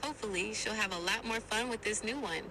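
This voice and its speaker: A woman's voice: medium pitch, fast, pushed and bright, low-quality recording. A synthetic woman's voice of an AI assistant, chatting in an upbeat, friendly and polite way, played over a phone speaker. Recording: phone speaker with background noise.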